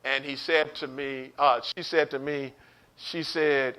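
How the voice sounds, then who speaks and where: A man's voice: medium pitch, little pitch movement, slow, bright, forceful tone, smooth. A man teaching an online Bible study sermon, preaching with animation, acting out quotes and speaking straight to his listeners.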